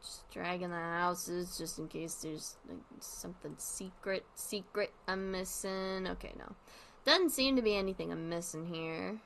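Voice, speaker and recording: A woman's voice: fairly low pitch, a little slow, creaky, a bit bright, slight background noise. A woman streamer giving casual commentary while playing, rambling and thinking aloud with lots of fillers.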